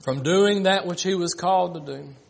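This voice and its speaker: A man's voice: sits high, moderate pace, vocal fry. A man preaching a sermon, acting out the mocking voices of critics.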